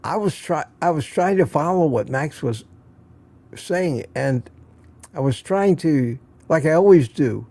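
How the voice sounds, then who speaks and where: A man's voice: on the high side, expressive, a little slow, warm tone. An older man hosting a casual morning livestream, musing and rambling, a bit out of breath, with sighs and restarts. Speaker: livestream host.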